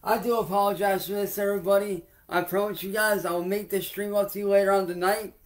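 A man's voice: sits high, level tone, fairly quick. A man livestreaming, ranting angrily and profanely at a viewer and then apologising to his audience, repeating himself often. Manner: heated, profane, confrontational; repetitive, addresses a heckler then the audience. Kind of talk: angry livestream rant to viewers.

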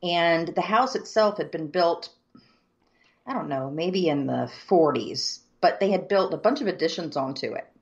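A woman from the southern United States co-hosting a casual chat, telling a story at a measured pace with frequent ums. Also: lowish voice, lively intonation, dull audio. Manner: measured, many ums, descriptive. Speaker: co-host.

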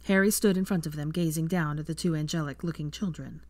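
A fan fiction reader narrating a chapter aloud in a calm, steady way. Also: medium pitch, quick pace, no room sound. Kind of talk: reading a novel aloud.

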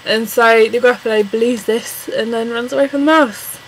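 A young English woman talking straight to camera in a casual vlog. Her voice sits a little high, and she rambles along with lots of ums and bursts of excitement. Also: normal speed, a little hiss or hum, low-quality recording. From England. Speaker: vlogger.

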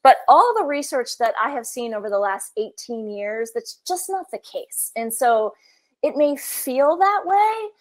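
A woman's voice: high-pitched, animated, measured pace. Chatty woman leading a workshop. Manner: casual, with many fillers like "you know" and "like". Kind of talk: conversational workshop talk.

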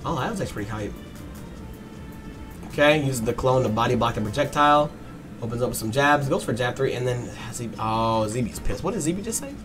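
A man giving a fast, excited play-by-play breakdown of a fighting game match, swearing and breaking into excited bursts. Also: mid-range voice, music in the background. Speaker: match analyst.

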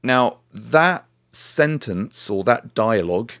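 A man's voice: medium pitch, lively intonation, slow pace, a bit bright, no room sound, clean studio sound. A man hosting a language podcast, chatting and explaining phrases step by step. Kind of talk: conversational language lesson.

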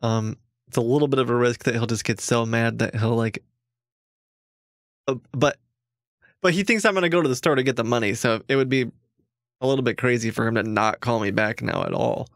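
A streamer host making relaxed, amused commentary asides. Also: male voice, mid-range voice, brisk, gravelly, pauses often, no room sound, studio quality.

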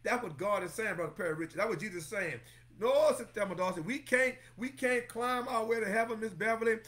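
A man's voice: sits high, fast, fairly bright tone. A man preaching a Bible lesson, exclaiming often and calling congregation members by name while repeating phrases for emphasis. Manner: repeats phrases for emphasis, breaks into song snippets. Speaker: pastor teaching Bible study. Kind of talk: lively sermon-style Bible lesson.

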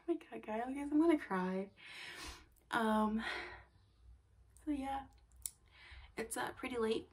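A woman's voice: on the high side, slow pace, long pauses. A young woman vlogging to her camera in a casual chat. She sounds tired and a little out of breath, uses lots of fillers and often drops to a whisper.

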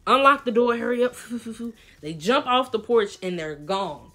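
A woman's voice: fairly high pitch, measured pace. Young woman telling a slangy story. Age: young adult. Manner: animated, slangy storytelling with quoted voices. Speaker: vlogger. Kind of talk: storytime vlog.

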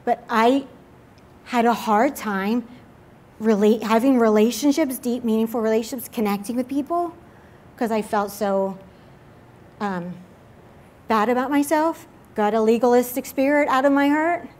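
Young woman, slightly high voice, earnest confessional testimony delivered as a sermon. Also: a little slow, long pauses, darkish tone. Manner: earnest and confessional, many fillers like "like". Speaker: speaker at a church midweek service.

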